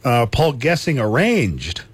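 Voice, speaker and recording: A man's voice: medium pitch, wildly swooping pitch, slow pace, breathy edge, dry recording. Chatty radio talk host, man. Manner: chatty, laughs easily, repeats himself. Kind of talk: casual talk radio chat.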